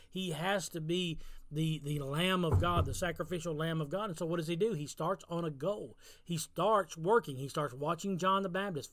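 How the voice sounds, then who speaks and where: A male pastor with a twang delivers a devotional sermon in a notably high voice. He drives his points home through repetition, climbing to emphatic peaks. The sound is close and dry, with no room echo. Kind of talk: sermon-style devotional talk.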